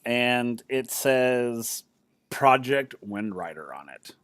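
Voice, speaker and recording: A man's voice: fairly low pitch, a little slow, a bit bright, dry recording. A man narrating a tabletop game as game master, chatty and rambling as he describes the scene. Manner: chatty, rambling, many fillers and restarts.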